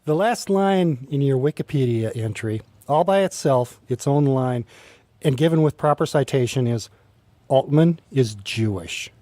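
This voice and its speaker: A man hosting a casual radio interview, relaxed and wry, in a studio. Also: mid-range voice, unhurried, no echo. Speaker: radio host.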